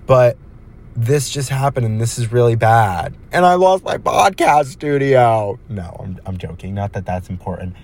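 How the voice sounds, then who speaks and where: A man's voice: medium pitch, lively intonation, measured pace, a little mellow. A young man hosting his own podcast, chatting casually and rambling, joking and talking straight to his listeners. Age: young adult. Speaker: podcast host. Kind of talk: casual solo chat.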